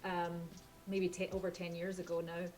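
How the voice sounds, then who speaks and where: A woman's voice: lowish voice, level tone, moderate pace, darkish tone, soft background music. A woman with a Scottish accent, a voice actor, telling a rambling, chatty story with frequent self-corrections. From Scotland. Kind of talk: casual storytelling.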